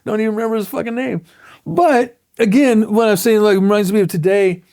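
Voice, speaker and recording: Brief: middle-aged male tattoo artist, high gravelly voice, swearing storyteller, close dry sound. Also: brisk, a little mellow, no echo. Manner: profane, blunt storytelling with acted-out quotes. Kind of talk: casual storytelling interview.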